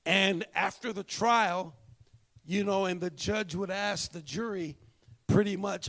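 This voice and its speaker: A male pastor preaching a sermon, swinging from hushed, drawn-out lines to shouted ones. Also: high-pitched, gravelly.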